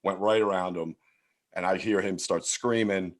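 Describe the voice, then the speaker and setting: A man's voice: low voice, steady tone, normal speed. A man in his forties from Philadelphia, telling stories as a podcast guest in a loose, profane way full of fillers. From Philadelphia, USA. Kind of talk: casual storytelling chat.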